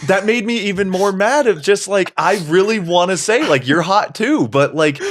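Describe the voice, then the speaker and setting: A young man co-hosting a podcast, talking in animated casual chat, swearing and laughing. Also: sits high, normal speed. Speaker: podcast co-host.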